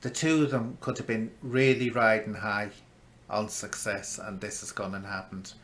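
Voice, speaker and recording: A man commenting on an online feud in a casual, gossipy way, shifting between loud outbursts and hushed asides. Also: fairly low pitch, level tone, normal speed.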